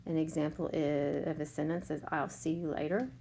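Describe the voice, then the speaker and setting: Woman teacher, low-pitched, patient and slow, noisy recording. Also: fairly even intonation, vocal fry, warm tone. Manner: slow, patient, sounds out letters. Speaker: third grade teacher. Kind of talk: remote spelling lesson.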